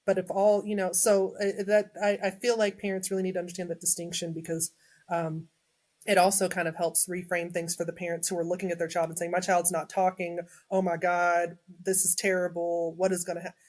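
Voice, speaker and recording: A woman's voice: lowish voice, a little fast. A woman in her thirties, a guest and adjunct professor, talking earnestly in a casual panel discussion and acting out what others say. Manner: earnest, animated, quotes people in lively voices.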